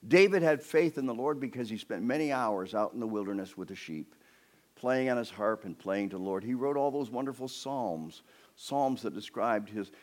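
A man preaching a sermon, retelling a story in an animated way and acting out its scenes. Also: mid-range voice.

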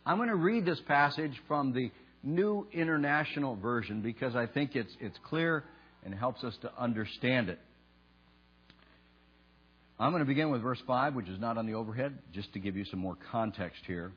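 Male pastor, husky voice, deliberate emphatic sermon delivery, dull lo-fi church recording with hum. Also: medium pitch, expressive. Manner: slow, emphatic, leads the congregation in call and response. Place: church sanctuary. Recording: dull lo-fi sound with mains hum.

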